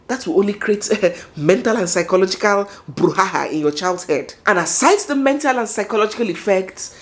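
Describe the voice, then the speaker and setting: Lively Nigerian woman vlogger. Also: mid-range voice, normal speed, hardly any pauses. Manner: dramatic, talks to herself, laughs often. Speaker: vlog commentator. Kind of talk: animated commentary vlog.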